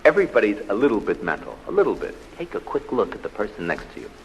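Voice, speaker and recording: A man from the United States giving a humorous psychology lecture on stage, telling anecdotes with dramatic pauses and punchy delivery. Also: on the low side, huge pitch swings, heavy background noise. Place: large theatre stage, live audience. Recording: old live theatre recording with hall reverb.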